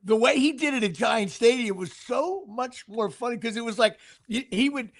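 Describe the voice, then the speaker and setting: High, gravelly-voiced man telling stories. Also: normal speed. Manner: animated storyteller, does impressions of an announcer. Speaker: podcast co-host. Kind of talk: casual sports chat.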